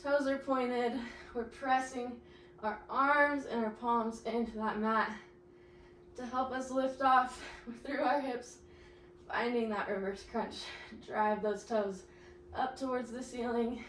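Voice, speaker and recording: A woman's voice: a little high, steady tone, slow, a bit bright, slight background noise. Breathless woman coaching a workout. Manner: encouraging cues, breathless laughs while exercising. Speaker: pilates instructor. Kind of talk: instructing a workout class. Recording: echoey room, mic at a distance.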